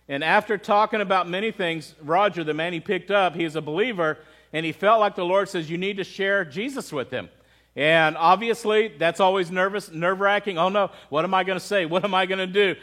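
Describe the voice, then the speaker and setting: A man's voice: high voice, a bit bright. A man preaching a sermon, telling a story and asking the congregation questions. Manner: storytelling with quoted voices, asks the congregation questions. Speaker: pastor.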